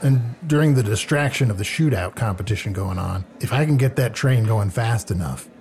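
Scheming man with a low voice. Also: moderate pace, darkish tone. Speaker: player. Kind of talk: improvised role-play.

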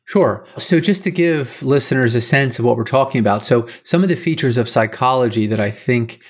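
A man's voice: medium pitch, lively intonation, fairly quick. A man speaking as a podcast guest, his voice sitting in a middle register. He explains patiently and at length, stacking one point onto the next the way a lecturer would. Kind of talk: casual interview talk.

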